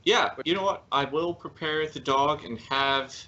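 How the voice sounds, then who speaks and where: A man speaks hesitantly during a tabletop game, slow and full of fillers. His voice is bright. The audio is dull and lo-fi. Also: fairly high pitch. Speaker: player. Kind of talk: casual tabletop game play.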